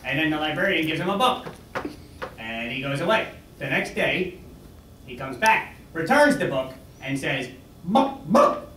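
A man's voice: a little high, lively intonation, normal speed, a bit bright, a little hiss or hum. Man rambling through a corny joke. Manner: eager, rambling joke delivery. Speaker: joke teller. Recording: echoey room, distant mic.

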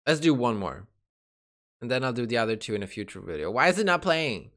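A man hosting a casual reaction video, giddy and excitable, swearing and laughing often. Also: medium pitch, a little fast.

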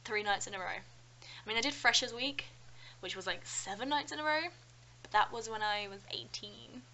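Young British woman vlogger, bright and chatty, faint background hiss. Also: mid-range voice, normal speed, rough recording. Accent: British English. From London, England. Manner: chatty, animated storytelling with frequent "like" and "um". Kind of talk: casual chat.

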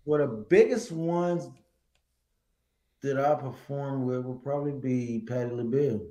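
A middle-aged man, a guest singer, telling stories in a casual interview, animated and laughing. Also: medium pitch, measured pace, reverberant, rough recording.

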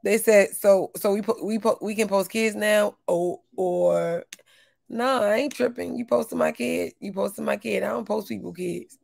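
A woman hosting a livestream, greeting her chat by name and ranting loudly with lots of profanity and laughter. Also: mid-range voice, fairly even intonation, moderate pace, vocal fry, no room sound. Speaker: livestream host.

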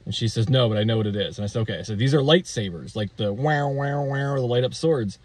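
A man's voice: medium pitch, fast, a little mellow, no room sound. Amused rambling man telling a story. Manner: rambling, amused, with fillers and restarts. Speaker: DIY vlogger. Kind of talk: casual storytelling.

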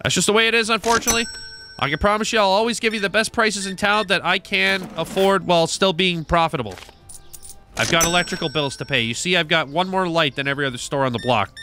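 A man's voice: sits high, quick pace, bright, forceful tone, soft background music. A man narrating a shop game, chatting to customers in a cheery shopkeeper manner. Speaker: gaming YouTuber. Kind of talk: playful let's-play commentary.

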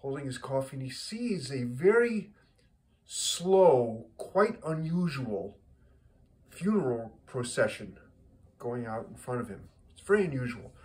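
Brief: man telling a casual joke, mid-pitched voice, meandering delivery with repeated words. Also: big pitch swings, measured pace, a little mellow. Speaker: joke teller.

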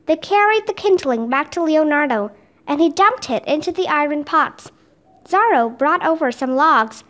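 A woman reads a children's chapter book aloud with steady, expressive narration. Her voice is high and moves through a wide, lively pitch range. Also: moderate pace. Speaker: storybook reader.

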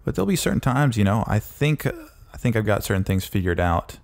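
A man co-hosting a podcast in casual chat, talking haltingly with many pauses and restarts. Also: lowish voice, very animated, vocal fry. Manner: hesitant, lots of ums and restarts. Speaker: podcast co-host.

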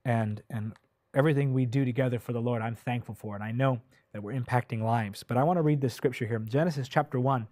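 A man preaching a sermon with passion, speaking directly to his listeners, drawing out key words slowly, swelling loud and then dropping to a hush. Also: medium pitch, no room sound, clean studio sound. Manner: impassioned, swells loud then drops soft; slow, drawn-out delivery when stressing key words.

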